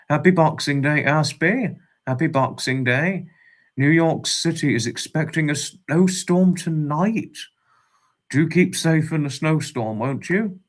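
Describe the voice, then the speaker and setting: A man hosting a casual livestream, greeting viewers by name with fond, repeated hellos in a drawn-out way. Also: on the high side. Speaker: livestream host.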